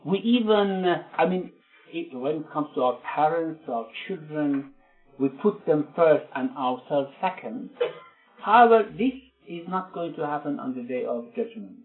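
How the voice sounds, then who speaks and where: A man's voice: a little high, animated. Man preaching over a tinny line. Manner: earnest, recites verses then explains them with frequent pauses. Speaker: religious lecturer. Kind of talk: sermon with scripture translation. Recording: tinny phone-line sound with faint music.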